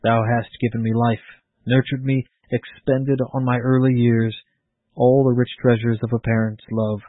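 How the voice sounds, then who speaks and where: A man's voice: mid-range voice, level tone, normal speed, no echo, lightly acted. A man reading the lines of a proud, anguished young soldier condemned to die, speaking earnestly in old-fashioned phrasing. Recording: tinny phone-like lo-fi sound.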